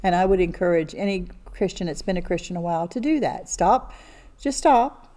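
A woman's voice: fairly low pitch, fast, mellow. An older woman co-hosting a casual Bible study chat, earnest and talkative. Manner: chatty, earnest, talks a lot.

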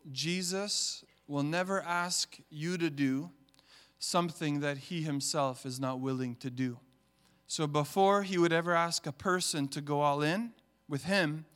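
A man preaching a sermon as pastor to his congregation, building to loud, emphatic peaks and acting out family stories. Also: a little high. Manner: acts out family stories with voices.

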